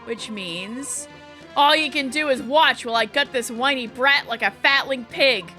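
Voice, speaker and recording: A woman's voice: sits high, unhurried, pushed and bright, soft background music. A woman voicing a cruel male bandit who threatens hostages in a video game. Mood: menacing. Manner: threatening, gloating.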